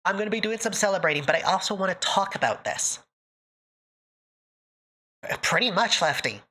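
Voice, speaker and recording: Woman streamer, casual live chat, bright lively voice, emotional and close to tears. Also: medium pitch, moderate pace. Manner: emotional, near tears, laughing often.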